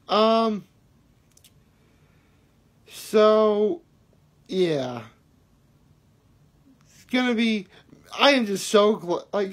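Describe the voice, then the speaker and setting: A man with a noticeably high voice rambles through his daily vlog, circling back with fillers and restarts. He sounds earnest and a little self-deprecating, talking straight to his viewers. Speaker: daily vlogger. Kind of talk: casual daily video talk.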